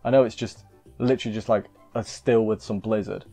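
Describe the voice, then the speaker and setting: A man's voice: fairly low pitch, fairly even intonation, brisk, gravelly, mellow, faint music behind. Rambling casual male anime reviewer. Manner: rambling, self-interrupting, joking asides. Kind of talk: casual episode recap.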